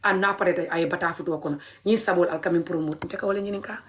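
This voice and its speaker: A woman's voice: fairly low pitch, steady tone, very fast. A woman talking straight to her viewers in an impassioned commentary vlog. She mixes English with her local language, repeats phrases and keeps urging people to share. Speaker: video commentator.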